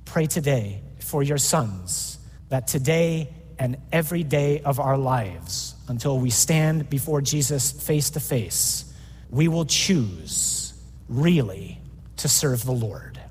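A man closing a sermon with a slow, measured prayer. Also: medium pitch, animated, a little mellow. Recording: hall reverb with faint background noise.

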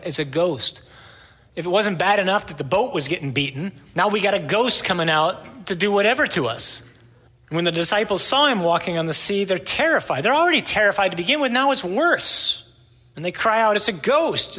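Male preacher, fairly high and bright, husky edge, chatty sermon delivery in a long-reverb hall. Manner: conversational storytelling with rhetorical "huh?" asides.

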